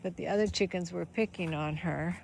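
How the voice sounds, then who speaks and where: A woman filming her farm animals, chatting casually and talking to them in a gentle, coaxing voice. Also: lowish voice, a little fast, vocal fry. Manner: gentle baby-talk to animals, frequent soft laughs. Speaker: farm vlogger. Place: outdoors on a small farm. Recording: outdoor farm noise, animals behind. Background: animal sounds and outdoor ambience.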